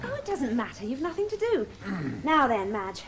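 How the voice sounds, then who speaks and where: A woman's voice: on the high side, sing-song, normal speed. An actress playing an earnest, dreamy young woman running a party game in a televised stage drama. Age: young adult. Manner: eager, bossy, reflective.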